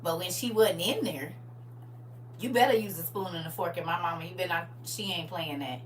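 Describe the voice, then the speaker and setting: A woman's voice: lowish voice, a little fast. A middle-aged woman hosting a livestream, chatting casually and emphatically and laughing often. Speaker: livestream host. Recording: distant mic with faint hum.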